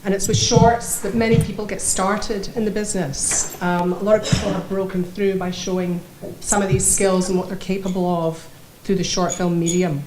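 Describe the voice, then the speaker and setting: A woman's voice: mid-range voice, fairly even intonation, normal speed. Scottish woman giving a keynote in a hall. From Scotland. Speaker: keynote speaker. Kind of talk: keynote speech. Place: banquet hall. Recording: echoey hall, faint noise.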